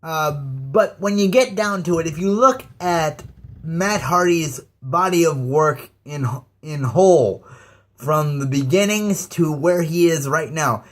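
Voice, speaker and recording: A man ranting casually to his viewers about wrestling, halting and stammering with many fillers. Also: on the high side. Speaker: YouTube ranter. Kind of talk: casual rant to camera.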